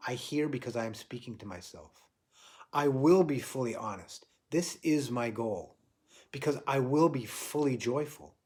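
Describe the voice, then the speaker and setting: A man's voice: medium pitch, lively intonation, moderate pace. Reflective man giving a spiritual talk. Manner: reflective, repeats phrases for emphasis, drops to quiet soft lines. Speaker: spiritual teacher.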